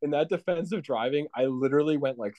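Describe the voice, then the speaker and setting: A man's voice: fairly high pitch, fast, warm tone, no echo. A young man in casual chat, rambling through a story and laughing often as he talks.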